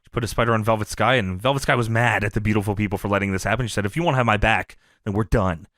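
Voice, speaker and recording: A man with a lowish voice talks rapid-fire as co-host of a wrestling review podcast, recorded dry and clean in a studio. In casual chat he animatedly recaps scenes, acts out quotes, and laughs a lot.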